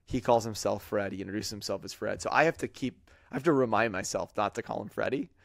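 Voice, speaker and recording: A man's voice: lowish voice, fast, vocal fry, dry recording, clean studio sound. A man hosting a podcast, telling a long story in a rambling way with lots of fillers and quoted voices. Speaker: podcast host. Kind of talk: casual chat.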